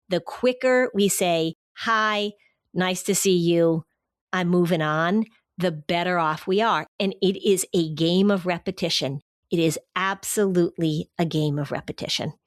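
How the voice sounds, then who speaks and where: Lively woman podcast host, dry mic. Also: fairly low pitch, no room sound. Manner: animated, acts out kids' voices in quotes. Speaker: podcast host, anxiety expert. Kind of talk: conversational advice podcast.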